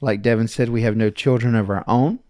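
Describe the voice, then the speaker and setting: A man's voice: mid-range voice, brisk, darkish tone, dry recording. A man in his forties, a podcast co-host, telling family stories in a rambling, chuckling way with many restarts. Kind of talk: casual chat.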